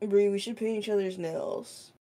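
A woman's voice: mid-range voice, fairly even intonation, normal speed, dark tone. A woman chatting casually with a friend, rambling and filling her talk with "like". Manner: rambling, heavy use of "like" fillers. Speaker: friend of the streamer. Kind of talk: casual chat.

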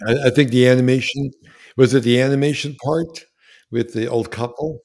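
A man who is a filmmaker guest on a podcast, speaking in a lively, enthusiastic way with frequent restarts. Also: medium pitch, normal speed, vocal fry. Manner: animated, enthusiastic, with frequent restarts and acted-out quotes. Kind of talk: casual interview conversation.

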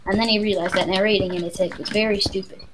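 A woman's voice: mid-range voice, fairly even intonation, fast, background noise. A woman casually chatting and joking while playing a game with a friend, rambling on. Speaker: let's play co-host. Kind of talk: casual gaming chat.

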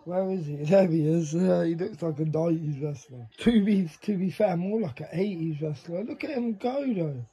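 A man giving casual, excitable reaction commentary to the screen, swearing freely. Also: fairly high pitch, moderate pace, hardly any pauses, lo-fi sound. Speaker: reaction video creator.

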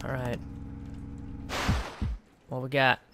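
A let's play commentator giving casual gaming commentary, sarcastic and swearing freely while yelling at the game characters. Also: medium pitch, completely flat delivery, takes it slowly, gravelly, slight background noise.

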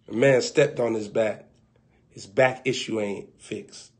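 A man preaching, telling a comic story in an animated, colloquial way. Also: on the low side, slow.

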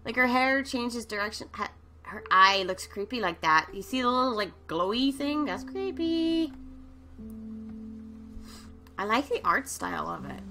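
A woman commenting on a horror game as she plays, excitable and jumpy, swearing and shrieking at scares and reading the game's text aloud. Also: on the high side, a little slow, pauses often, over music. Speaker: let's play gamer. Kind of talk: let's play commentary.

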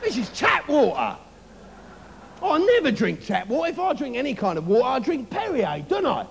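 Man doing a smug vain preener, high sing-song voice, gravelly edges, reverberant live club. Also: huge pitch swings, slight background noise, heavily acted. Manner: smug, self-satisfied, drawn-out yeses. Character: vain, preening man boasting of his looks. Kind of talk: live stand-up character comedy. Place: comedy club stage, live audience. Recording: reverberant live venue, faint ambience.

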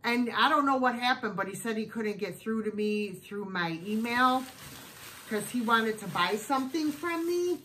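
A woman's voice: a little high, expressive, normal speed, a bit bright, slight background noise, poor audio. A woman chatting at home in a casual haul video, gushing over each thing she unpacks. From United States. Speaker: thrift vlogger.

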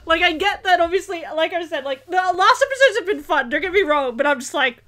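A woman hosting a reaction video, excitable, often laughing and shouting as she reacts. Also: very high voice, brisk, few pauses.

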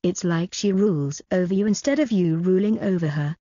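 A woman's voice: lowish voice, fairly quick, dark tone, no echo, close to an everyday voice. A woman voicing an arrogant young male crown prince who talks back defensively, on dull lo-fi audio. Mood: defiant. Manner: defensive and disdainful.

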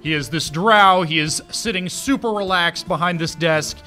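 A man's voice: a little high, moderate pace, bright, forceful tone, faint music behind. A man running a tabletop game as dungeon master, narrating in a loose way full of laughs and fillers.

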